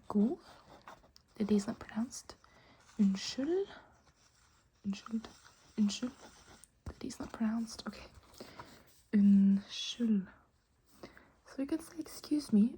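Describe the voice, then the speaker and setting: Woman, whispered ASMR lesson, very slow, soft patient repetition, close mic. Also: medium pitch, slight background noise. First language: Norwegian. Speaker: language teacher.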